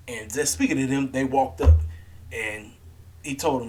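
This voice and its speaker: A man's voice: medium pitch, fairly quick, slight background noise. A man giving a casual, opinionated rant as a wrestling vlogger, blunt and repetitive with plenty of slang.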